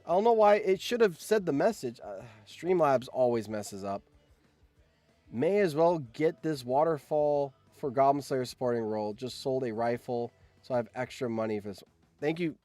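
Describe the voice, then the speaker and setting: A man streaming live, reacting excitedly and yelling in surprise on a close mic. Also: fairly high pitch, no room sound. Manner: excitable, yells in surprise, laughs often.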